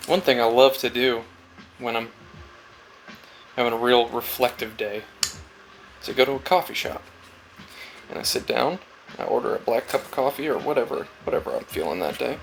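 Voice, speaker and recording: Gravelly-voiced man musing while he carves. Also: medium pitch, a little hiss or hum. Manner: rambling, storytelling, acts out quoted chats. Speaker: woodcarver vlogger. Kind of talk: casual reflective talk while carving.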